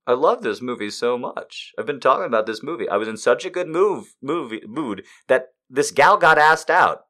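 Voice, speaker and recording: A man in his thirties giving a casual comedic monologue, swearing freely and swinging between loud outbursts and muttered asides. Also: mid-range voice.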